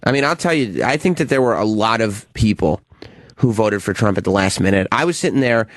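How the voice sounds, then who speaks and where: A man's voice: on the low side, animated, a little fast, dry recording, clean studio sound. A man co-hosting a radio show, joking with callers in casual talk. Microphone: studio mic.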